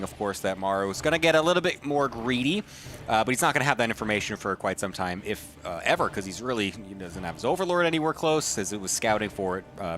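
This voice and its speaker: Guy doing esports play-by-play, mid-pitched, steady, explains strats. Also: slight background noise. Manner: steady analytical recap. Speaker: esports co-caster. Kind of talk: live esports play-by-play analysis.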